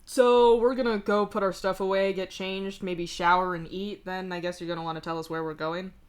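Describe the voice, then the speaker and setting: A woman's voice: medium pitch, steady tone, brisk, clean tone, close to an everyday voice. A woman reading aloud as a casual, protective young man in a live story reading. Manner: casual, offhand.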